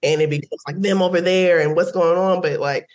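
A woman's voice: lowish voice, steady tone, fairly quick, darkish tone. A woman guesting on a podcast, speaking in earnest, conversational casual chat. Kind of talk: casual chat reviewing music.

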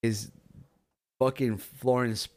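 A man's voice: medium pitch, fairly even intonation, slow pace, a little mellow. A man chatting casually on a podcast, blunt and swearing, calling people "dude" and "bro".

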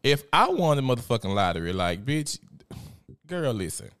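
A man's voice: mid-range voice, very animated, moderate pace, fairly bright tone, clear, resonant tone. A young man hosting a live show, chatting casually and animatedly with lots of swearing. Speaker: show host. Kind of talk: casual live-stream commentary.

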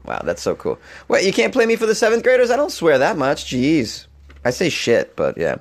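A man hosting a comedic podcast, slightly hoarse, rambling and animated with frequent restarts. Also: fairly high pitch, moderate pace. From Boston, Massachusetts. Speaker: podcast host. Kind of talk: casual comedic podcast monologue.

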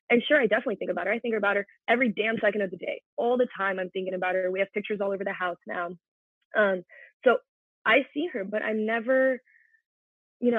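A woman's voice: medium pitch, no echo. A young woman in her twenties, a guest on a podcast, speaking earnestly and reflectively as she opens up about her feelings. Her voice comes through a thin, phone-like line with no room sound at all. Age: 20s. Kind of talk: casual podcast conversation. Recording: tinny phone-like line, dry.

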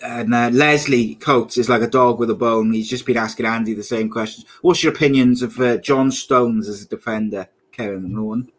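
A man's voice: medium pitch, fairly even intonation, moderate pace, few pauses. Upbeat man hosting a podcast. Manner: upbeat, reads out viewer comments. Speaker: podcast host. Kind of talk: casual live podcast chat.

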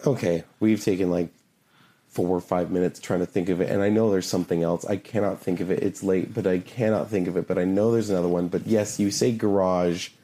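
A man's voice: low-pitched, fairly even intonation, warm tone. A man in casual conversation who teases and challenges the other speaker. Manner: teasing, quick to challenge. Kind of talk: casual banter.

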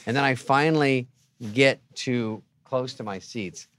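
A man in his fifties, a comedian guest, telling a story in a sarcastic, deadpan way and acting out other people's lines. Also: mid-range voice, measured pace, no room sound. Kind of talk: casual storytelling chat.

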